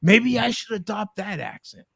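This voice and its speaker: A man's voice: sits high, animated, moderate pace, creaky, breathy edge, no echo. A man hosting a casual live-stream chat over a video call, joking and teasing. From Southern California. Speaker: show host.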